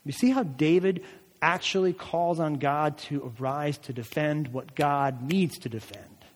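A male pastor preaches in a church sanctuary, his fairly high voice keeping a measured pace. During prayer passages he rises into emphatic calls, and the recording has a long church hall reverb.

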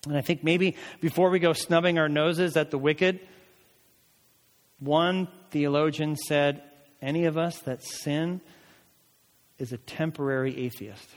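A man delivering a sermon in a slightly higher voice, his words ringing out with the long reverb of a large hall. He reads scripture with weight and slows on the key phrases. Then he drops into plain, conversational explanation. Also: fairly even intonation. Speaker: pastor.

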